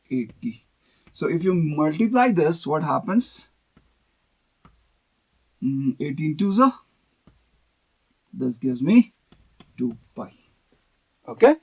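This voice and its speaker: Man, math teacher, fairly high voice, patient step-by-step explaining, keeps checking in. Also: darkish tone. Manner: explanatory, checks in with "okay" often. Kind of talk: video math lesson.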